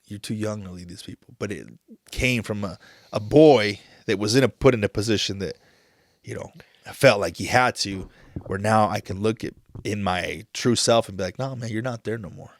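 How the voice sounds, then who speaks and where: A man in his thirties talking on a podcast, emotional and halting, tearing up as he speaks with many restarts. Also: on the low side, no echo, clean studio sound. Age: 30s. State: tearful. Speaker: podcast host. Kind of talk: casual chat.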